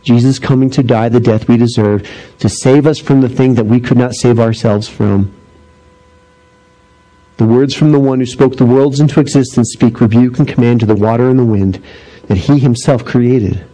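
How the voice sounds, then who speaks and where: Man, middle-aged, preacher, sermon, mellow tone, animated storyteller, low and slow on key points. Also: low-quality recording. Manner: animated storytelling, acting out voices. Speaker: pastor.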